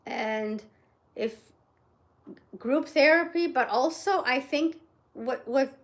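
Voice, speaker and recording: A woman's voice: sits high, takes it slowly. Chatty middle-aged woman, rambling vlogger. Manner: rambling, chatty, frequent "right?" tag questions. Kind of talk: casual chat to camera.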